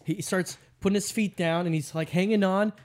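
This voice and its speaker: A man co-hosting a casual podcast, joking and arguing his point with halting starts. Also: high-pitched, fairly even intonation, darkish tone. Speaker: podcast co-host. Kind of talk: casual chat.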